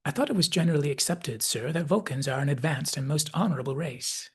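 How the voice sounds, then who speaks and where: A man's voice: a little high, quick pace, husky. A man voicing Data, a polite, literal-minded male android officer who speaks formally and precisely. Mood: matter-of-fact.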